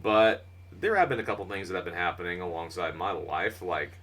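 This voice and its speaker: A man's voice: low-pitched, lively intonation, brisk, fairly bright tone, distant mic. A man co-hosting a podcast in casual chat, rambling and laughing, swearing freely. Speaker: podcast co-host.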